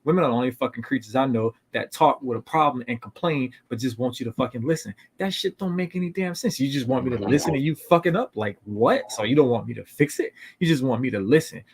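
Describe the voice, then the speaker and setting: A man's voice: medium pitch, expressive, fast talker, few pauses, slight background noise. A man co-hosting a casual podcast, ranting emphatically and swearing as he makes his points. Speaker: podcast co-host. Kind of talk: casual group chat.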